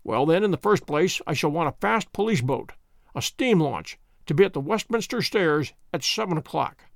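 A man voicing a calm, wry detective who speaks in a measured, commanding way. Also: on the high side, dry recording, studio quality. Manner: measured, crisp, quietly amused.

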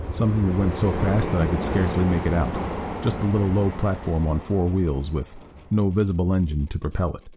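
A man narrating a dark story in a hushed, measured, ominous way. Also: sits low, husky.

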